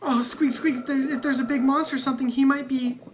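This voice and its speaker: Woman doing a squeaky little rat guide. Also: steady tone, fast, background noise, natural voice. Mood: eager. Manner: peppers speech with squeaks. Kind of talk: tabletop game character voice.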